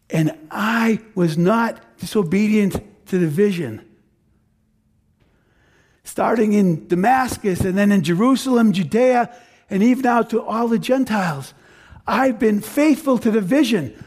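A man's voice: high voice, a little mellow. A man preaching as the apostle Paul, telling in first person and with emphatic repeats how he became a believer. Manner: earnest first-person retelling, emphatic repetition. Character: apostle Paul, grown man, fervent former persecutor.

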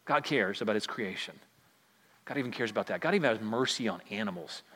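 A man's voice: fairly low pitch, expressive, fast, pushed and bright, in a large hall. A male pastor preaching a sermon in a conversational, emphatic way in a church.

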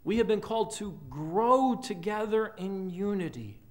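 A man preaching in a church, his voice sitting a little high for a man. He speaks slowly and earnestly, letting many phrases sink to a hush. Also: animated. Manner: earnest, with frequent drops to a quiet voice at phrase ends. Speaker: pastor. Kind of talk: sermon. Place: church sanctuary.

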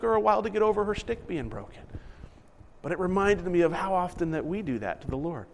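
A man's voice: high voice, sing-song, quick pace, big-room sound. A man in his thirties giving a conversational sermon as a pastor, dropping into other voices for quoted lines. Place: church sanctuary.

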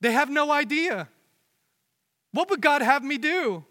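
A young man preaching with a high, bright voice that rings through a reverberant church hall. He preaches earnestly, climbing for emphasis, then sinking to hushed, intimate lines. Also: lively intonation, measured pace. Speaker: pastor. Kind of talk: sermon.

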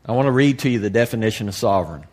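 A man preaching to a congregation in a candid, folksy way, dropping to a hush and then rising to loud emphasis. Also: lowish voice, animated, racing. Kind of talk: sermon.

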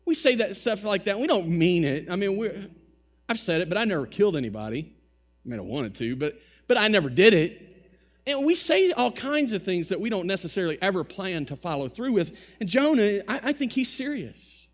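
A man preaching a conversational sermon, with wry asides and lively retellings of the text. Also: high voice, fairly quick, dull audio. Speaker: pastor.

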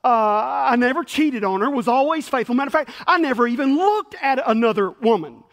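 A man's voice: very high-pitched, lively intonation, a little fast, a bit bright, long reverb tail, voice pushed up, full character voice. A man preacher voicing an elderly churchgoing man who insistently lists his lifelong good deeds. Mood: pleading. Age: older. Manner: insistent, pleading, rising to exasperation.

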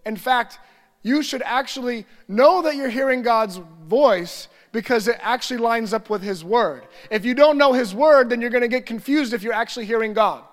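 A man preaching a sermon as pastor, earnest and repetitive, building lists of phrases and slipping into quiet prayerful reading. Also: very high-pitched, normal speed, big-room sound, faint music behind.

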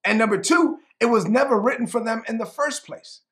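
A male preacher teaching a sermon to camera in an animated, conversational way, often repeating himself for emphasis. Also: extremely high pitch, brisk.

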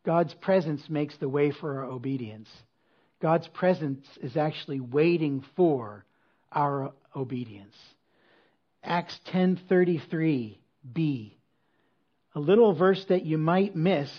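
A man preaching a sermon to a congregation from a church stage, talking in a conversational way with quick asides and rhetorical questions. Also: on the high side, breathy edge, muffled recording. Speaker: pastor.

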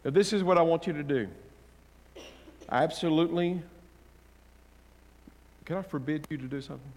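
A male pastor preaching a sermon, swinging between loud, fervent declarations and quiet, gentle counsel, with playful asides to the congregation. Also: on the high side, normal speed, big-room sound, slight background noise.

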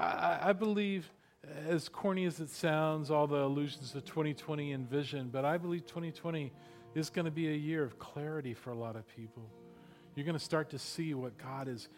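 A man pastor closing a sermon with a soft prayer, then giving upbeat, joking church announcements. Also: on the high side.

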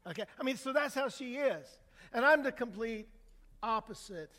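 High-voiced older pastor in an echoey hall. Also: male voice, animated, normal speed, pushed and bright. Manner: conversational storytelling with humor, asks the crowd for a show of hands. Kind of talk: sermon. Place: church sanctuary.

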